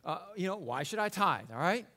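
Male pastor, sermon, high voice, lively swooping delivery, chatty with the congregation. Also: fairly quick. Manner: animated and conversational, with jokes and check-ins with the congregation.

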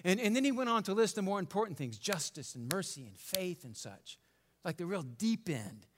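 A male pastor preaching a sermon in an animated, conversational way, joking and checking in with the congregation. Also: sits high, moderate pace.

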